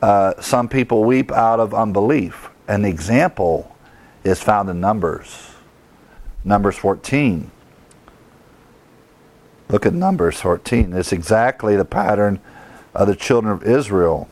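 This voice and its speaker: A man preaching a sermon, emphatic and rising in pitch, chuckling now and then as a pastor. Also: expressive, a little slow, long pauses, darkish tone.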